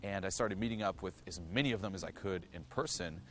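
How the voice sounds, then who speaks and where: Deep-voiced man, frank and profane. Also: quick pace, slight background noise. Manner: frank and profane, heavy on "you know" fillers; earnest, direct address to viewer. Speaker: self-improvement vlogger. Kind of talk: candid personal storytelling to camera.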